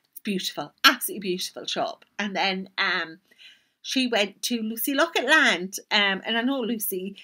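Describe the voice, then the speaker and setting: An older woman with a Geordie accent, hosting a knitting podcast in a chatty, rambling way, often dropping into soft asides. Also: medium pitch, animated, moderate pace. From North East England. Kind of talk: casual chat.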